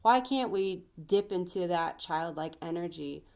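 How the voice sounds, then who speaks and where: A woman's voice: fairly low pitch, lively intonation, unhurried, a little mellow. A young adult woman giving an earnest, emphatic pep talk as a tarot reader, rambling a little as she goes.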